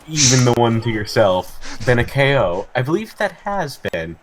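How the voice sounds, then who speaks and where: A man's voice: mid-range voice, very animated, moderate pace, few pauses, a little hiss or hum. A man casually commentating his own video game match, joking dryly and talking to his game pieces. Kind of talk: casual gameplay banter.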